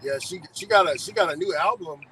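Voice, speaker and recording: A man's voice: high-pitched, quick pace, sharp tone, slight background noise, rough recording. A man who works as a delivery driver, chatting casually in slang and laughing often. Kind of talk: casual chat.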